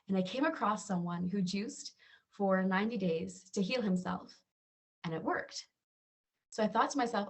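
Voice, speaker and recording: A woman's voice: mid-range voice, normal speed. A woman from Georgia, telling her personal health story to camera in an earnest, conversational way. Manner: earnest storytelling, acts out quoted voices. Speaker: wellness channel host.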